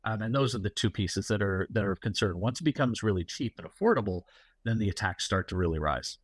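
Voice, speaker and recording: A man's voice: fairly low pitch, animated, fast talker, no room sound. A middle-aged man, a guest security executive, talking casually and explaining at length with many fillers and anecdotes. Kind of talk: casual interview talk.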